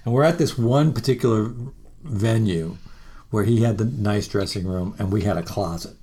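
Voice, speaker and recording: Animated man telling rock stories. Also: on the low side, moderate pace. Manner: animated, profane, laughs through stories. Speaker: musician guest. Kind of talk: casual storytelling interview.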